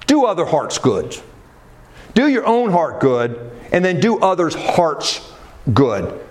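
A man preaching a sermon in a chatty, animated way. His voice sits fairly high and swings widely in pitch. He talks straight to his congregation with frequent asides. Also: slow.

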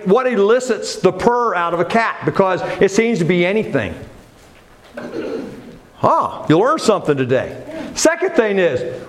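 A man's voice: high voice, slight background noise. A man preaching a sermon in a church, talking casually and putting questions to his congregation. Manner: conversational, asks questions of the congregation.

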